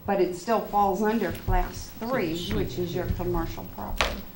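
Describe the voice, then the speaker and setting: A woman's voice: on the low side, fairly even intonation, normal speed, heavy background noise. A woman who is losing her voice, a town assessor explaining things step by step at a public meeting in a town hall.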